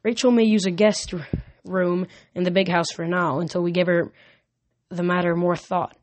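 A woman reading a storybook aloud, voicing an old, wise male centaur teacher in a calm, courteous way. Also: on the low side, normal speed, dry recording, natural voice.

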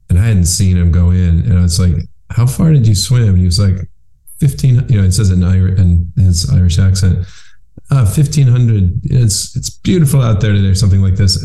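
A man's voice: low voice, mellow. A man hosting a podcast interview who rambles and repeats words as he starts his sentences. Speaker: podcast host. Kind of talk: conversational interview. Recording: roomy echo.

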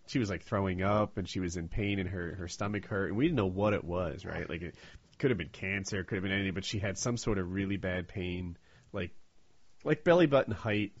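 A man's voice: deep voice, no room sound. A man hosting a podcast, chatting casually and telling stories with plenty of filler words. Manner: lively storytelling, prone to filler words. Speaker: podcast host. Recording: dull, lo-fi, dry recording.

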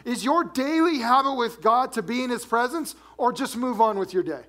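Animated male pastor preaching. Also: moderate pace. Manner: animated preaching, drops low and soft for scripture reading. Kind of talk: sermon.

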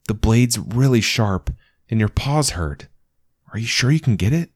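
A man's voice: fairly low pitch, lively intonation, unhurried, a little mellow, no echo, clean studio sound, pitched above the performer's own voice. A man voicing a brave, anxious young woman in a storybook reading, speaking urgently and with emotion.

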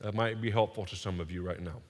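A man preaching a sermon in a church, energetic and joking, leading the congregation to repeat phrases after him. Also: low voice, quick pace. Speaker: pastor. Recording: long reverb of a large hall.

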